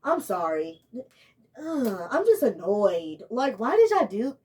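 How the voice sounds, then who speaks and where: A woman's voice: medium pitch, very animated, slow pace, warm tone, slightly rough. A young woman, giving a casual, rambling and exasperated review of a TV show.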